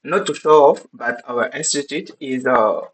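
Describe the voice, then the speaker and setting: A man from Burkina Faso with a Burkinabe French accent, a native French speaker teaching an online lesson and repeating each phrase slowly, checking in with "okay?". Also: medium pitch, a little hiss or hum, rough recording.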